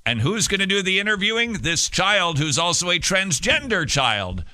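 A male talk radio host with a strikingly bright, forward voice. He reads out news stories and cuts in with sarcastic, animated remarks. His delivery keeps a lively, mocking edge throughout. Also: high voice. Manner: sarcastic, animated, quick to laugh.

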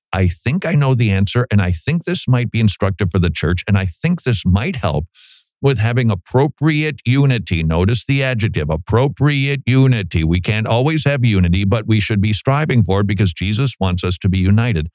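A middle-aged man, a pastor, giving a folksy, animated commentary with frequent restarts on a close studio mic. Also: fairly low pitch, normal speed, no room sound. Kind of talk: conversational commentary monologue.

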